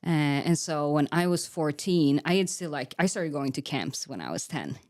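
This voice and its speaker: A woman's voice: low voice, big pitch swings, normal speed, a little mellow, no echo, studio quality. A young woman giving an earnest, candid personal faith testimony as a podcast guest, with frequent "like" fillers. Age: young adult.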